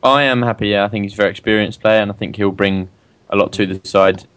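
A low-voiced man talks fast and flat, with little rise or fall in his pitch. He gives his opinions plainly in a casual podcast chat. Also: smooth. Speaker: podcast co-host.

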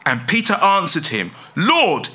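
A man preaching with a very bright, tense edge to his voice. His pitch leaps up and down as he drives his points home, pressing his listeners with rhetorical questions. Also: very animated, normal speed. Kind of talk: sermon.

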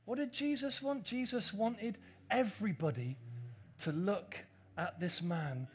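A man delivers a sermon with a notably high-pitched voice. He preaches with animation, often dropping into playful voices to mimic his critics. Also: a little slow. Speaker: pastor.

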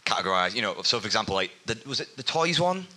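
A man's voice: lowish voice, sing-song, fast, bright, forceful tone, low-quality recording. A man in the audience of a live podcast, asking the hosts a rambling, hesitant question full of fillers. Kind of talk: casual question at a live show.

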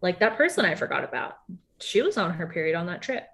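A woman chatting casually as a podcast co-host, her voice sitting a little low. She strings thoughts together with plenty of fillers. She leaps into animated quotes of other people. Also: fast talker, vocal fry. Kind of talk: casual reality-TV recap chat.

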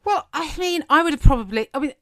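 A woman's voice: sits high, lively intonation, fast, dry recording, studio quality. A woman in her thirties, a podcast co-host chatting casually, laughing often and acting out quotes. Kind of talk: casual chat.

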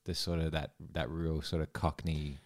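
A man's voice: rumbling low, level tone, normal speed. An Australian man co-hosting a podcast, chatting casually and often stumbling over his starts. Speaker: podcast co-host. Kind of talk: casual chat.

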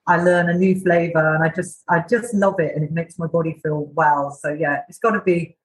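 Enthusiastic lower-voiced woman guest. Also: fairly even intonation, moderate pace, faint music behind, poor audio. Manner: enthusiastic, chatty. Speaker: podcast guest, cookery school founder. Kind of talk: casual interview chat.

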